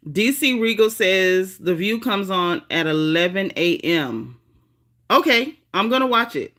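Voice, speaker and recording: A woman hosting a casual livestream, reading viewer comments aloud in a chatty, animated, folksy way. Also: on the low side. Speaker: livestream host reading chat. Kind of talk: casual live chat.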